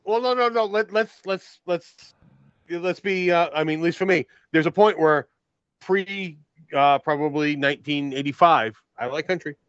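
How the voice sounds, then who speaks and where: A man's voice: a little high, normal speed, a bit bright, clean tone, dry recording, dull audio. A man co-hosting a horror film podcast in casual chat, blunt and stumbling over his restarts. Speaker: podcast co-host.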